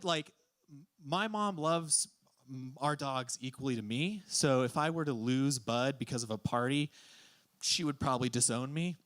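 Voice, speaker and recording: A teenage man telling a story at an open mic, lively and acting out the voices in his quotes. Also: fairly high pitch, normal speed. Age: teens. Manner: animated, acts out voices in quotes. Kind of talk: live storytelling.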